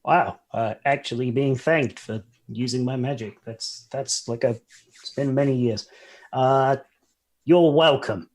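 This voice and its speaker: Husky-voiced man playing a tabletop game. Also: mid-range voice, unhurried, a little mellow. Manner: hesitant, with many ums. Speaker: player. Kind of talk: casual tabletop play.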